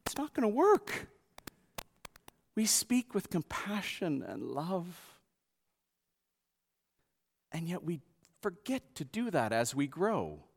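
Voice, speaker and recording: A man preaching a sermon in a slow, unhurried way, his pitch rising and falling with great life. He acts out the quotes, hushed one moment and loud the next. His voice rings with the long reverb of a church hall. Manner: expressive, acts out quotes softly and loudly. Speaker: pastor.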